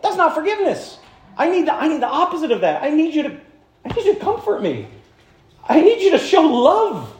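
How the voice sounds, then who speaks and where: A man preaching a sermon as pastor, animated, swinging from hushed passages to loud, high-pitched points. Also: fairly quick, reverberant, slight background noise. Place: church.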